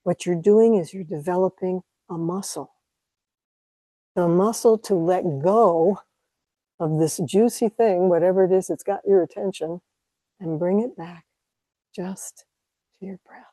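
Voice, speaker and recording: A woman teaching meditation to an audience, speaking calmly and reflectively with light laughs. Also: on the low side, measured pace, long pauses, no room sound, poor audio. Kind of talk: dharma talk to an audience.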